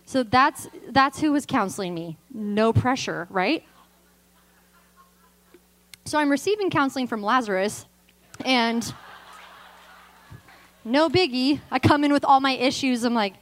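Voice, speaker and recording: A woman preacher in her thirties with a fairly high voice, delivering a sermon. She moves between loud, emphatic declarations and soft, intimate storytelling, and slips into conversational, self-deprecating humor along the way. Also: expressive, moderate pace, long pauses, low-quality recording.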